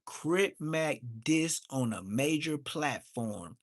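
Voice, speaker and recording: A man, ranting on a livestream. He is heated and mocking, and his voice suddenly jumps high. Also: lively intonation, slow, dry recording, studio quality. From Inglewood, Los Angeles. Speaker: livestream host. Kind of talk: profane livestream rant.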